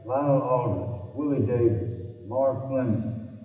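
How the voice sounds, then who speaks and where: An older man with a Southern accent giving a motivational speech, telling stories with emphasis and dropping into quiet intensity. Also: medium pitch, measured pace. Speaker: guest speaker. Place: large hall. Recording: echoey hall, distant, dull sound.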